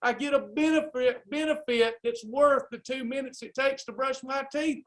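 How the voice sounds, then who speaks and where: A man's very high, slightly bright voice holds a steady tone at a moderate pace. He's running a live weight loss class and urging people on in an impassioned, sermon-like way.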